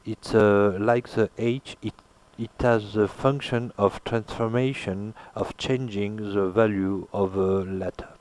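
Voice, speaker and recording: Slow, hesitant man teaching. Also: on the low side, little pitch movement, darkish tone. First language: French. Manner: hesitant, many filler pauses, repeats words slowly to model sounds. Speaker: language teacher. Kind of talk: pronunciation lesson.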